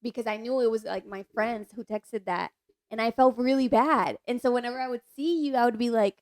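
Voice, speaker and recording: Young female podcast co-host, chatty and casual, slightly high voice. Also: fast, a little mellow. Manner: chatty, uses many "like" fillers. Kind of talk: casual chat.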